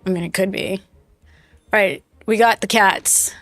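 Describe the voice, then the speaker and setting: A woman's voice: medium pitch, fairly even intonation, measured pace, fairly bright tone, dry recording, faint music behind. A woman streaming a game live, telling a rambling story in casual chat and talking back to her viewers. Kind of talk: casual chat while playing.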